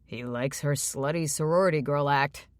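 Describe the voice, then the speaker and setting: A woman voicing a calm young billionaire man who speaks matter-of-factly, in a lowered voice. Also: moderate pace, dry recording, close to an everyday voice. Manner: matter-of-fact.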